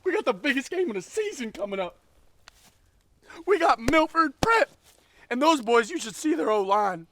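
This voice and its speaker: A man's voice: very high voice, big pitch swings, moderate pace, pauses often, sharp tone, slight background noise, voice pushed up, full character voice. A man voicing the ghost of a bellowing old male football coach who barks drill-sergeant orders. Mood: yelling.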